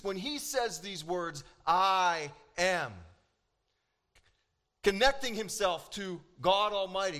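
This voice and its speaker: A man preaching a sermon as pastor, animated and emphatic, acting out quoted lines with dramatic pauses. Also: sits high.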